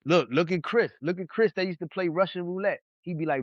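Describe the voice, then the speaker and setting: A man from New York hosting a podcast, telling stories in a casual, animated way and acting out what other people said. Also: high voice, brisk, dry recording. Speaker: podcast host. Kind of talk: casual storytelling chat. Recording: dull lo-fi sound.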